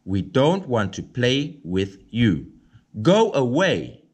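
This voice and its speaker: A man's voice: mid-range voice, sing-song, slow, a little mellow, husky, full character voice. A man voicing a group of taunting little ducklings in a storybook reading.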